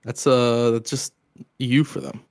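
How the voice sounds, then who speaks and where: An easygoing male podcast co-host with a gravelly, fry-laden voice at a middling pitch. He chats casually, teasing his partner and laughing along. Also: flat delivery, unhurried, a little mellow, no room sound, studio quality.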